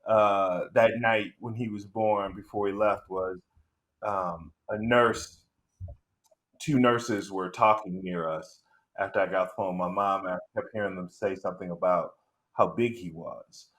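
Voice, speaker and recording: A middle-aged man telling a stand-up story, rambling and halting with many fillers and restarts. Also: on the low side, a bit bright. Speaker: stand-up comedian.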